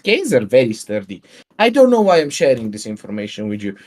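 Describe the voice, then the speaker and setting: A man's voice: mid-range voice, wildly swooping pitch, a little fast, darkish tone. A man, a guest on a livestream, ranting in a profane and sarcastic way in casual chat over a video call mic.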